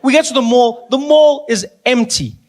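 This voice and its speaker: A man doing stand-up storytelling, animated and often laughing as he tells the story. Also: extremely high pitch, normal speed. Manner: animated, laughing, plays voices. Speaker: stand-up comedian. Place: comedy stage with live audience. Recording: live stage recording with background noise.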